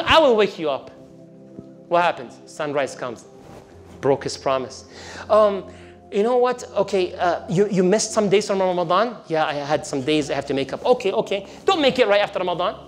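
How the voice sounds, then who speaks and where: A man preaching a lively sermon to an audience, acting out the devil's whispers and reciting verses in Arabic. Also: sits high. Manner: animated, acts out the devil's whispers in asides, mixes in Arabic recitation.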